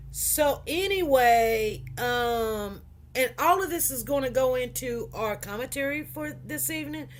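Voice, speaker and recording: Speaking to her livestream viewers, a middle-aged woman with a Chicago accent chats casually, repeating herself and addressing the audience directly. Her voice is fairly high.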